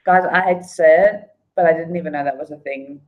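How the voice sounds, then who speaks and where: A woman hosting a casual trivia night, reading each question slowly and twice, with laughing apologies and humming between questions. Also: sits low, phone-quality sound. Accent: non-local accent. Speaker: trivia quiz host.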